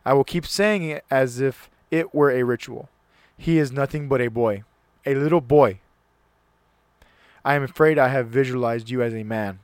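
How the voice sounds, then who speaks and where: A man's voice: mid-range voice, moderate pace, clear, resonant tone, no echo. Male host, mid-range voice, dry close mic; casual solo talk, earnest read-aloud with occasional stumbles. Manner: reads aloud earnestly, stumbles and restarts on words.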